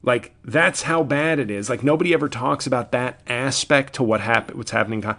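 A man's voice: mid-range voice, moderate pace, creaky, fairly bright tone. A man, a comedian, talking alone in a rambling, exasperated way, restarting sentences often. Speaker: podcast host and comedian. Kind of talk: casual solo monologue.

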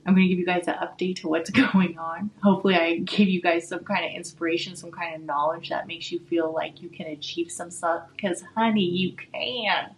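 A young adult woman hosting a casual solo podcast from home, blunt, swearing freely and talking in an animated, chatty way. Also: fairly low pitch, brisk, few pauses, a little hiss or hum, rough recording. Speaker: podcast host. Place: home with dogs.

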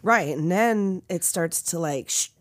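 A woman's voice: lowish voice, unhurried, dry recording. A woman in casual chat, recapping a movie with a co-host, swearing and quoting lines as she goes. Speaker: podcast co-host.

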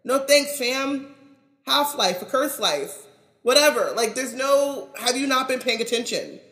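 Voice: high voice, measured pace, pushed and bright. A podcast co-host in casual chat, slangy, joking and emphatic. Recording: roomy echo.

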